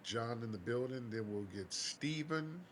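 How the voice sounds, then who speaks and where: A man hosting a live audio chat room, briskly calling up the next speakers. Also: mid-range voice, expressive, slight background noise. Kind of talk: moderating callers.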